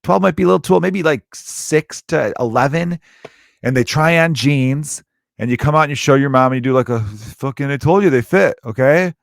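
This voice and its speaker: A man in his thirties, a comedian hosting his own podcast, riffs in a loose, profane monologue and keeps slipping into other people's voices. His voice has a gravelly edge, and it sits close and dry on the mic. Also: medium pitch, a little fast, no echo. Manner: rambling, profane, acts out quoted voices.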